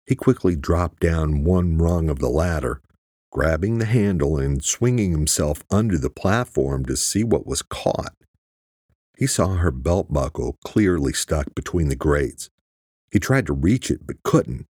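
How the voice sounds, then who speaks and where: A man narrating a thriller audiobook in a steady, husky voice. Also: a bass voice, unhurried, no room sound, studio quality. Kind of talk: scripted narration.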